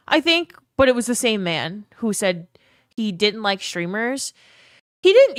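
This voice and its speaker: Woman streamer with vocal fry. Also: on the high side, a bit bright, no echo, studio quality. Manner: chatty, answers viewer chat. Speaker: game streamer. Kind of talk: casual live-stream chat.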